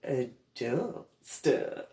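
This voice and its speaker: A woman's voice: very deep voice, very animated, drawn-out words, dark tone, echoey room, voice pushed down, full character voice. A woman playing her prissy, self-important sister-in-law, drawing out her words. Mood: affected.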